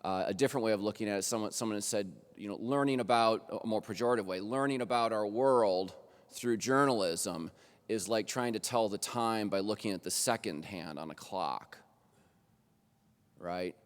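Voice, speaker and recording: A man's voice: lowish voice, moderate pace, clear, resonant tone. A man, a college journalism professor, lecturing at a faculty roundtable in a conversational way and often checking in with the audience. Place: college auditorium stage. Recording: long hall reverb.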